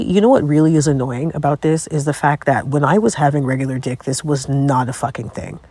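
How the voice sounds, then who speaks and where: A woman's voice: low-pitched, a little fast, hardly any pauses, dark tone, breathy edge. A young adult woman hosting her own podcast, venting in a profane, exasperated, comic solo rant. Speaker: podcast host.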